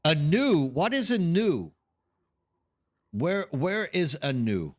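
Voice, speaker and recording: A man's voice: fairly high pitch, very animated, slow. A man chatting casually on a live stream while gaming, rambling and reacting to chat. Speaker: streamer hosting a watch party.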